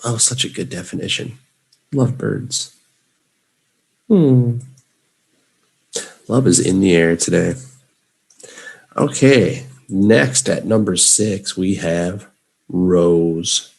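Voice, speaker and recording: A man's voice: fairly low pitch, slow, gravelly, pauses often, a little mellow, breathy edge. A man from Chicago with a Chicago accent, teaching English vocabulary in a live lesson and having students repeat words after him. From Chicago, United States.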